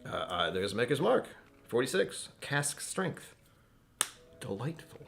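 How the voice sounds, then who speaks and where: A man's voice: mid-range voice, very animated, slow pace, creaky, a bit bright, a little hiss or hum. A man hosting a casual whiskey tasting live stream from home, rambling and joking as he chats with viewers. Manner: rambling, joking, self-interrupting. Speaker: whiskey channel host.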